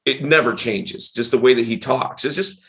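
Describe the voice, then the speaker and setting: A man, a dating coach and podcast host, talking in a casual chat with an animated, emphatic delivery. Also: medium pitch, normal speed. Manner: animated, emphatic, varied tonality.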